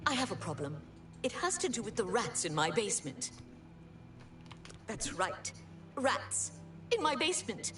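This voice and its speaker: A woman's voice: medium pitch, very animated, a little slow, pauses often, a bit bright, far from the mic. An actress playing a fretful woman in a video game who dotes on her pet rats, in a melodramatic, anxious manner. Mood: doting, fretful. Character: fretful middle-aged woman fussing over pet rats. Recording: roomy game audio with music.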